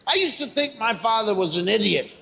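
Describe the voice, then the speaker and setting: Exasperated high-voiced male comedian, echoey. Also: lively intonation, gravelly, very noisy. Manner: exasperated, mimics parents with rapid repetition. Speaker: stand-up comedian. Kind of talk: stand-up comedy routine.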